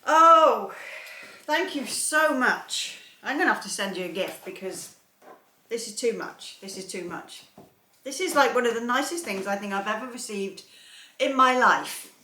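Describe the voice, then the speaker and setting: Woman, bright voice, gushing casual unboxing chat, echoey room, faint noise. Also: mid-range voice, lively intonation, normal speed. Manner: gushing, emotional, laughs often. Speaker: soap maker vlogger.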